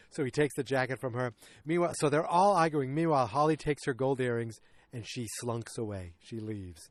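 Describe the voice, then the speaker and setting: A man's voice: medium pitch, brisk, no echo. Man casually recapping a sitcom. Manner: rambling, acts out quotes in raised voices. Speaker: podcast host.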